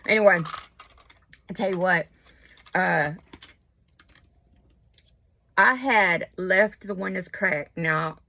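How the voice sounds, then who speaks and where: A woman's voice: on the low side, slow, creaky, pauses often, pushed and bright. A woman, chatting casually and rambling while she does her makeup at home. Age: 50s. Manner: rambling, chatty, self-deprecating. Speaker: crochet and makeup vlogger. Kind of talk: casual chat while getting ready.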